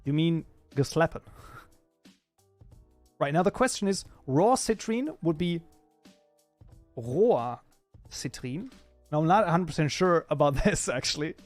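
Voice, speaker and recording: A man's voice: fairly high pitch, animated, a little slow, pauses often, dry recording, faint music behind. A young man with a German accent, hosting a livestream in a loose, casual chat that is full of swearing and laughter. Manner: talkative, swears freely, laughs often. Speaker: livestream host.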